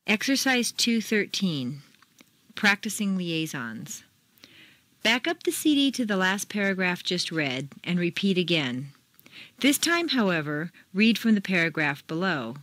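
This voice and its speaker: A woman with an American accent, a pronunciation teacher reading scripted lesson drills and instructions with deliberate, clearly enunciated delivery. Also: on the low side, fairly bright tone, no room sound. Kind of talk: scripted language lesson audio.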